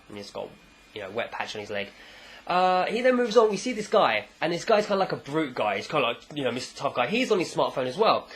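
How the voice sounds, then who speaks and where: A man casually recapping a manga chapter, animated and acting out the characters. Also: mid-range voice. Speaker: manga reviewer.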